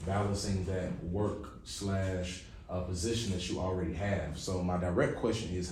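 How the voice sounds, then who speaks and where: A man's voice: low-pitched, a little mellow. A young man who is a graduating student, asking the speaker polite, slightly hesitant questions from the audience. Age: young adult. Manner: polite, a little hesitant, with fillers. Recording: echoey hall, faint noise.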